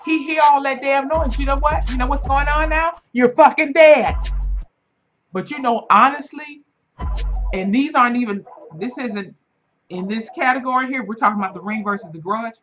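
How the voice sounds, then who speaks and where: A woman in her twenties hosting a reaction video, telling stories in a casual, animated and profane way. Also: fairly quick, soft background music. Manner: animated, profane storytelling with big pitch swings.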